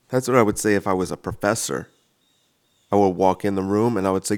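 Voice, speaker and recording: A man with a slightly low voice rambles through a solo comedy monologue. He jokes loosely and pokes fun at himself, talking into a microphone alone in his kitchen. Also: quick pace, smooth. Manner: rambling, self-mocking, jokey. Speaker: comedian and podcast host. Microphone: studio-style microphone.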